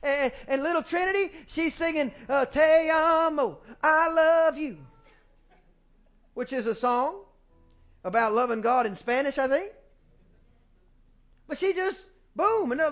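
High-voiced man preaching a folksy sermon. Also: moderate pace. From small-town US. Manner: folksy and animated, acting out family quotes. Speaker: pastor. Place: church sanctuary, music faint behind. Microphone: handheld microphone.

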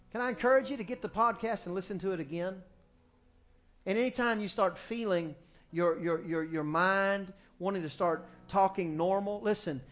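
A middle-aged man preaching a folksy, animated sermon in a church, speaking into a handheld microphone. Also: high-pitched. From small-town US. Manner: folksy and animated, acting out family quotes. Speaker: pastor. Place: church sanctuary, music faint behind.

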